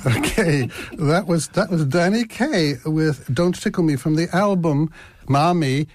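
A man's voice: fairly high pitch, a little slow, music in the background. A man hosting a community radio show, chatting casually and rambling a little, often repeating words and laughing at himself. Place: small radio studio.

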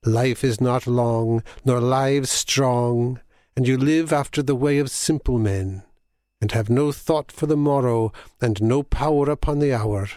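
A man's voice: medium pitch, measured pace, darkish tone, no echo, clean studio sound, natural voice. A man voicing an eerie old crone who cries out a grim prophecy in a storybook reading. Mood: ominous.

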